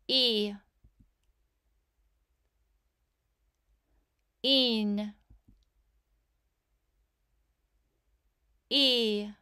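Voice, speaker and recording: A woman's voice: mid-range voice, bright, forceful tone. A woman teaching a phonics lesson for children, reading words out one at a time and praising the listener. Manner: slow, clear, encouraging word-by-word reading.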